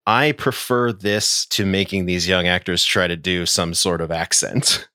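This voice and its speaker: Deep-voiced man, relaxed podcast co-host. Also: a little slow, clear, resonant tone, no echo, studio quality. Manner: relaxed, laughs often, rambling restarts. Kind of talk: casual chat.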